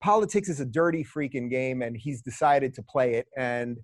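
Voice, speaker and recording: A middle-aged man, a podcast guest, telling stories in a casual, animated way and often repeating words as he starts phrases. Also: mid-range voice, normal speed, dry recording, clean studio sound. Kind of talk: casual storytelling. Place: lives in a large US city.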